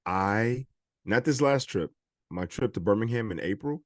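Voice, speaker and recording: A man's voice: lowish voice, animated, moderate pace, no room sound, studio quality. A man co-hosting a podcast in laid-back casual chat, using slang and repeating himself for emphasis. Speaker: podcast co-host.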